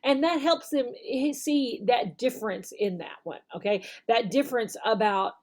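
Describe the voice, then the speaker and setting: Upbeat woman teacher, slightly high voice. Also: a little mellow. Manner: demonstrates phrases slowly and exaggerated, tags "okay?". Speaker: online English teacher giving training. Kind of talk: instructional video talk.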